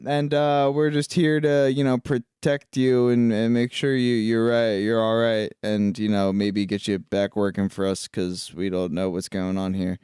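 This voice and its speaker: A man co-hosting a podcast, recapping a film in casual chat and acting out characters' lines in quick little voices. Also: on the low side, flat delivery, darkish tone, smooth, no room sound, studio quality. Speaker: podcast co-host.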